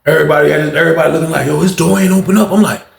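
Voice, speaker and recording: A man telling a casual storytime in slangy, animated speech, acting out what people said. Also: on the high side, very fast, creaky. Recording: roomy echo.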